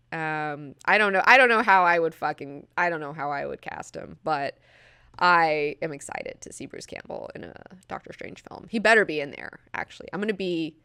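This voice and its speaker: A young woman chatting excitedly about movies, swearing freely with lots of fillers and laughter. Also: medium pitch, clean tone, dry recording, clean studio sound. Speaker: movie news vlogger. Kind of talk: casual movie chat.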